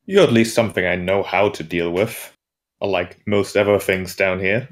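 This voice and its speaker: Low-voiced man with wry in-character retorts. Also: fairly even intonation, normal speed. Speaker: player. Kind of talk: in-character tabletop role-play.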